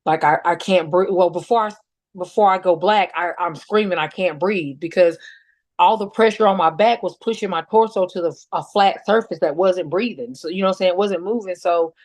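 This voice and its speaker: A middle-aged woman slowly recounting a painful personal experience, halting and restarting often. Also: lowish voice, a little mellow, dry recording. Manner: slow, halting retelling with many restarts and fillers. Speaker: mother telling her story as a guest. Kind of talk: emotional personal account.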